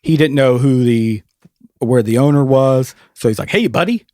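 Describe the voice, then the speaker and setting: A man's voice: mid-range voice, fairly even intonation, normal speed, mellow, clear, resonant tone, no echo, studio quality. A man hosting a podcast, telling an awkward story in a casual, self-mocking way and laughing easily. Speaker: podcast host.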